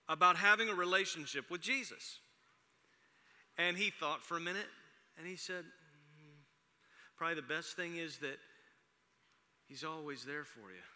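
A man in his forties, a pastor, delivers a sermon in a high, pushed, bright voice. He tells chatty, self-deprecating stories about his family, with long reverb from a large hall.

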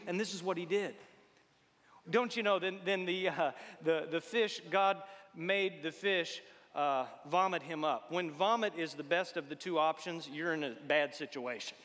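Man, sermon, folksy and joking, high-pitched, bright tone, long hall echo. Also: moderate pace. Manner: folksy and humorous, swings between loud exhortation and hushed tones. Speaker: preacher.

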